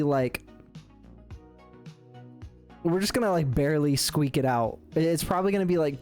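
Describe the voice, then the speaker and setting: A man's voice: a little high, a little mellow. A young man casually reacting to a manga chapter, rambling and swearing freely with lots of fillers and restarts.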